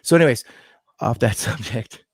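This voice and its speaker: A man's voice: mid-range voice, lively intonation, normal speed, husky, no echo, studio quality. A young man co-hosting a podcast, rambling with many fillers and swearing. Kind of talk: casual chat.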